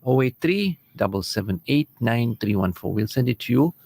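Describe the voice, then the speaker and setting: A man's voice: medium pitch, animated, normal speed, creaky, a little mellow, no echo. An earnest man counsels listeners on marriage over the radio. He talks in an easy, conversational way from a studio and slips readily into the voices of quarreling spouses. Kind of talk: radio advice talk.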